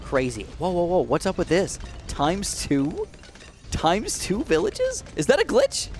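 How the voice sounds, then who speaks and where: A man hosting live gameplay commentary, excitable and talking straight to his viewers, swinging from low muttering to shrieks of alarm. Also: unhurried, slight background noise. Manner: addresses viewers directly. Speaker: gaming channel host.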